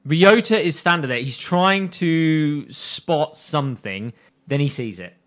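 A man's voice: fairly high pitch, expressive, slow. Casual male podcaster recapping plot. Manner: plot-summarizing, laughing, swearing. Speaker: podcast host.

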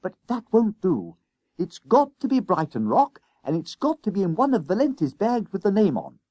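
A man's voice: high voice, big pitch swings, normal speed, dark tone, dry recording, voice pushed up. A man putting on an eager, boastful young schoolboy. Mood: earnest.

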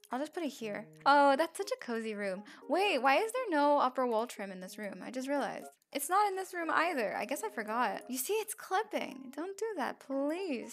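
A woman with a fairly high voice chats through a game build over a desk mic. Her commentary is casual and upbeat, with quick giggles between remarks.

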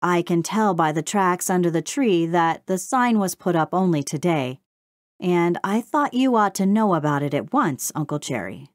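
A woman's voice: lowish voice, lively intonation, moderate pace, no echo, studio quality, natural voice. Woman voicing a polite, earnest beaver. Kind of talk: storybook reading.

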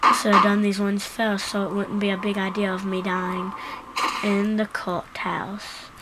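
A woman's voice: mid-range voice, brisk. Chatty girl gaming at home, keeps joking at herself, lots of noise behind her. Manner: excitable, self-mocking, chatty. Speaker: gameplay commentator. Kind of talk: casual gameplay commentary. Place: home, seated at computer. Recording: loud background noise.

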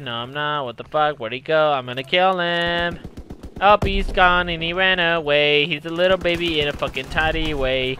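A young man with a high, bright voice, commentating his game in loud bursts, swearing, joking and jumping between moods. His voice is wearing hoarse from yelling, with a faint hiss of noise behind him. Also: moderate pace. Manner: loud, profane, jumpy, joking. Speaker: gaming streamer. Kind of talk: casual gameplay commentary.

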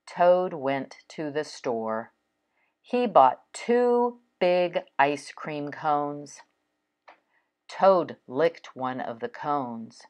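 Woman reading a children's story aloud, very slow, lively pitch, slightly low voice. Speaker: storybook reader.

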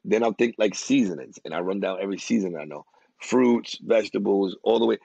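A man's voice: lowish voice, fast, vocal fry, warm tone, breathy edge, no room sound. A man on a podcast as a guest, talking casually and rambling, restarting his sentences often. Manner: rambling, many restarts and fillers. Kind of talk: casual chat. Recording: dry, muffled lo-fi sound.

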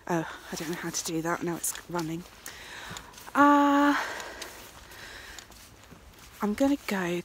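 An English podcast host with a lowish, expressive voice vlogs into a phone held at arm's length, first outdoors on a walk and later indoors. Out of breath, she speaks slowly with frequent pauses, chatting freely and often slipping into a whisper, while a little hiss or hum sits under the audio.

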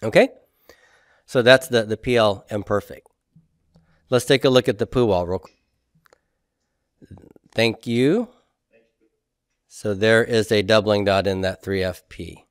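A man teaching a classroom grammar lecture, patiently quizzing students and repeating forms slowly. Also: on the low side, dry recording, studio quality.

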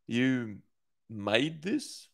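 A man's voice: mid-range voice, big pitch swings, extremely slow, vocal fry, a bit bright, full character voice. A man voicing a drugged, desperate young woman held captive, lifting his voice a little for her. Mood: dazed.

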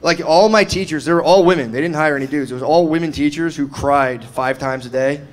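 A man's voice: fairly high pitch, brisk. A man, telling stand-up stories in a laid-back way, full of "dude" and "man", acting out the people in them. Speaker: stand-up comedian. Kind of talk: stand-up storytelling. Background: audience laughter.

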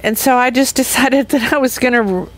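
A woman's voice: fairly high pitch, brisk. Rambling, laughing woman podcaster. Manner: rambling, self-interrupting, laughs often. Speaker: podcast host. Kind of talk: personal reflective monologue.

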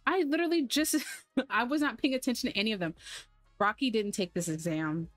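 A woman's voice: a little high, brisk, dry recording, faint music behind. A woman hosting a gaming channel, giving chatty, sarcastic, easily exasperated commentary while she plays. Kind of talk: casual gameplay commentary.

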